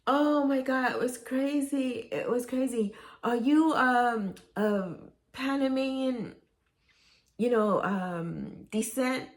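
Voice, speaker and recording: A woman's voice: sits high, slow. A middle-aged woman, telling rambling, nostalgic stories in a casual vlog. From Brooklyn, New York. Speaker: vlogger.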